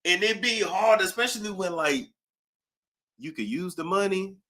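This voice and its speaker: Bright, chatty male livestream host. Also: high voice, moderate pace. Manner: animated, chatty, reading out donor thanks. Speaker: YouTube gossip host. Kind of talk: casual livestream chat.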